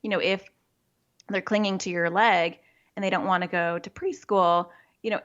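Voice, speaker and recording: A woman's voice: lowish voice, steady tone, moderate pace, fairly bright tone, muffled recording. A woman who works as a child therapist, speaking as a podcast interview guest. She explains practical ideas and often acts out what a parent or child might say.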